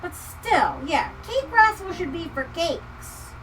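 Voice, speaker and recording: A woman livestreamer chatting casually with viewers, ranting with profanity and swinging from muttering to near-shouting. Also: very high-pitched, animated, slow, far from the mic, slight background noise, rough recording. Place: home craft room. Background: soft lofi music.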